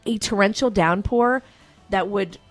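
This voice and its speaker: A woman co-hosting a radio show, telling a lively story in casual chat and acting out the quotes. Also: mid-range voice, a little slow, faint music behind. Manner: animated storyteller, acts out quotes.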